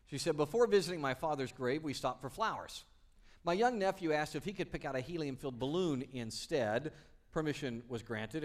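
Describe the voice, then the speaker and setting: A man preaching a sermon as pastor, enthusiastic, moving from quiet explanation to loud, emphatic peaks. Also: medium pitch.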